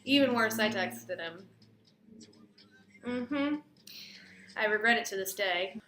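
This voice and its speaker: Mid-range in pitch with lively intonation, this young adult woman talks slowly. As a vlogger she tells a personal storytime-style tale, casual and chatty with lots of "like" fillers, and the recording has roomy echo and faint room noise.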